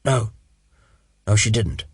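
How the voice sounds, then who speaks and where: A man's voice: lowish voice, lively intonation, takes it slowly, husky, dry recording, clean studio sound, exaggerated voice. A man voicing a charming young lord who is dying of a wound, speaking faintly and in pain. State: weak and wounded.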